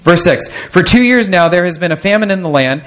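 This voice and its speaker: A male pastor delivering a sermon, reading scripture aloud and explaining it with emphatic asides, slowing down to stress key phrases. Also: high voice, lively intonation.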